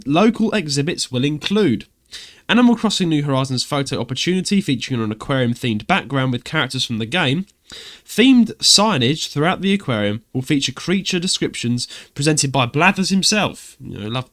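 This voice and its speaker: A man with a Cockney accent co-hosting a podcast, chatting casually, ranting and reading gaming news with frequent laughs. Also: medium pitch. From United Kingdom. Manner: lively, ranting, laughs often. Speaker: podcast co-host.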